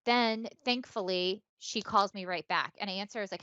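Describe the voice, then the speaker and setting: A woman's voice: medium pitch, brisk, few pauses, bright, forceful tone, clear, resonant tone, no echo. Rambling woman telling a story, lo-fi. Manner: rambling, filler-heavy and profane. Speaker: podcast co-host. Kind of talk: casual storytelling chat. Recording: dull lo-fi dry sound.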